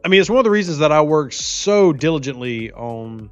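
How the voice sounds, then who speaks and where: Man, Southern accent, Louisiana drawl, fairly high voice, chatty stream host, dull lo-fi audio. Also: animated, fairly quick, clear, resonant tone, dry recording, soft background music. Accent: Southern US, light Louisiana. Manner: chatty, reads viewer comments aloud, teasing. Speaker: livestream host. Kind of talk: casual gaming livestream chat.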